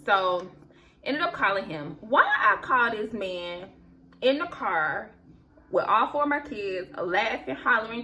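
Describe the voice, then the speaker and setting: A young woman tells a long personal story to her viewers while putting on makeup, in a chatty, rambling way. Her pitch sits in the middle range. A faint hiss runs underneath the recording. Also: pushed and bright. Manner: chatty, rambling, addresses viewers as girl and y'all. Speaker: vlogger.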